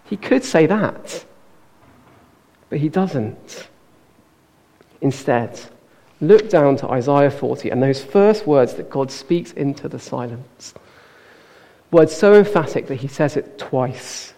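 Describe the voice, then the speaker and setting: Gravelly preacher in an echoing hall. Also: male voice, a little high, animated, dark tone. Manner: earnest, slows down to stress key words. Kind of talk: sermon.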